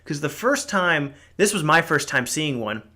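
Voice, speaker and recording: A man's voice: on the high side, lively intonation, moderate pace, sharp tone. A young man hosting a casual solo podcast, telling a rambling story with lots of fillers and swearing. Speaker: podcast host. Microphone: podcast mic.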